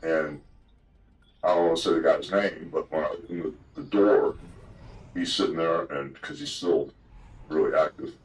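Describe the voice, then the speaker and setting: In this casual storytelling interview, an older guest rambles through profane tales of the past. His very deep voice stays steady at a moderate pace, broken by long pauses, and the recording quality is low.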